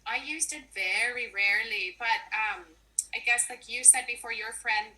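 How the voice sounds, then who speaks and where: A woman in her forties, from Puerto Rico, talking warmly and emotionally on a video call, with lots of restarts. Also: on the high side, moderate pace, rough recording. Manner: warm, emotional, chatty with frequent restarts. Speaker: finance professional and money coach. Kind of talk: casual video-call chat.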